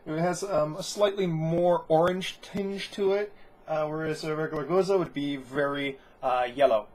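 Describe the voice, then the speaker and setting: A man's voice: fairly high pitch, fairly even intonation, normal speed, a little mellow, a little hiss or hum. A man giving a casual beer review, talking in a rambling way and often correcting himself. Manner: rambling, self-correcting, chatty.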